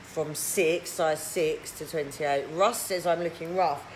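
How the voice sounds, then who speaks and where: A woman's voice: low voice, steady tone, slow pace, rough recording. Woman in her 30s reading comments on a live vid, blunt, takes the mick, bit of noise behind. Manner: blunt, mocking, swears casually. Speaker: live stream host. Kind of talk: live video chat reading viewer comments.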